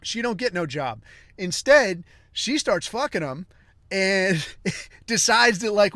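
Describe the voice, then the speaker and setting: A man hosting a podcast, telling a long comic story in a rambling, crude way with deadpan asides. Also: high-pitched, slow pace, dry recording, clean studio sound. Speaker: podcast host.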